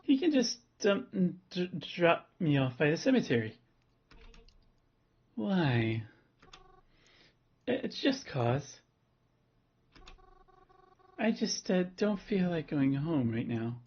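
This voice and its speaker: A woman's voice: low-pitched, big pitch swings, slow, pauses often, slightly rough, lo-fi sound, voice pushed up, heavily acted. A man voicing a nervous, hesitant young woman who stammers, reading a visual novel aloud. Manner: stammering, unsure.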